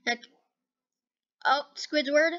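A woman hosting a gaming video, giving casual reaction commentary in an excitable, chatty way, saying okay and dude over and over. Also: high voice, slow, lo-fi sound.

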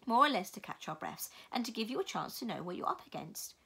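A woman voicing a kindly, excitable creaky-voiced woman who speaks warmly and reassuringly. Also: medium pitch, quick pace, heavily acted. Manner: warm and reassuring, calls others love.

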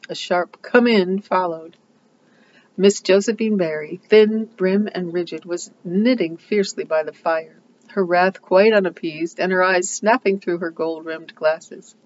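A reader narrating a classic novel in steady, plain storytelling. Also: medium pitch, unhurried, dull audio, slight background noise.

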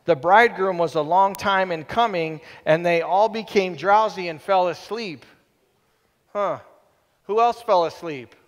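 A man preaching a sermon as pastor in a church, animated, dropping to a hush and then rising loud, with playful asides. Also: high voice, a little slow, big-room sound. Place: church sanctuary.

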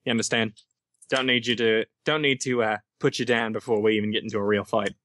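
A man voicing a wary male pony drug dealer in a tabletop game, speaking low and deadpan. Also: no room sound, close to an everyday voice. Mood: deadpan threatening. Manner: low, deadpan, slow warnings.

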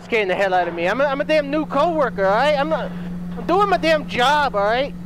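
Man, very high voice, brash profane game commentary, faint background hiss. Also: lively intonation. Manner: brash and profane, quick reactions. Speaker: gaming streamer.

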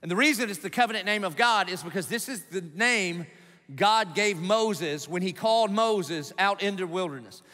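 Male pastor, high voice, emphatic sermon full of rhetorical questions, long reverb of a big church hall. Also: normal speed, sharp tone.

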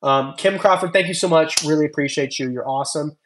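On a casual livestream, a young man who hosts a reptile channel rambles while reading comments and thanking viewers by name. His voice is fairly high and brisk, with a little hiss or hum in the audio.

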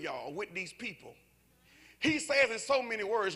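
A man pastor preaching a sermon at a church service, impassioned and often shouting, with asides to the congregation. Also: high voice, sing-song, moderate pace, husky. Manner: talks to congregation directly, conversational asides.

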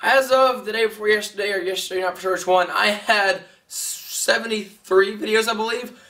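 A young man giving a rambling, excitable vlog update, heard through a camera mic a little way off. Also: sits high, normal speed, distant mic. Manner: rambling, excitable, self-correcting. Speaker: vlogger.

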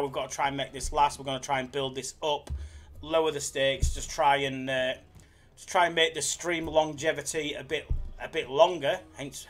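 A young man hosts a casual live stream, chatty and jokey as he reads out viewers' messages. His voice sits a touch high, and faint background music plays behind him. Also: a bit bright. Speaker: slots live streamer, host.

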